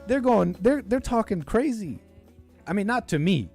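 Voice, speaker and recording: A man's voice: high voice, sing-song, normal speed, darkish tone, faint music behind. A man hosting a casual political livestream, rambling and hesitant, often breaking off mid-sentence. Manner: rambling, hesitant, self-interrupting. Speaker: stream host.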